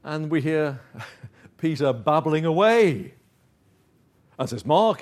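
A middle-aged man preaching a sermon, dropping to quiet low asides and rising to emphatic points. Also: lively intonation, slow, long pauses. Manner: shifts between soft, low asides and emphatic, raised points.

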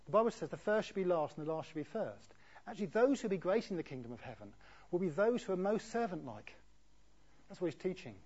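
A man preaching a sermon in a conversational way, often asking rhetorical tag questions, with a husky voice. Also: on the high side, darkish tone. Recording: dull lo-fi recording.

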